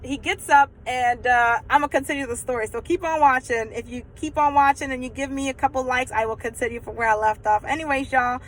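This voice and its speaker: A young woman telling a personal story on her vlog in a chatty, animated way, full of fillers. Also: sits high, brisk, hardly any pauses, poor audio. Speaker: vlogger.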